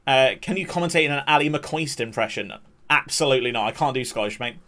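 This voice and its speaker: A young man streaming a football match, calling the play-by-play and chatting with viewers in between. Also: quick pace. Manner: excitable play-by-play that surges in pitch at attacks, chatty asides to chat. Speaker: streamer and amateur match commentator. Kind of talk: live watch-along commentary mixed with reading chat.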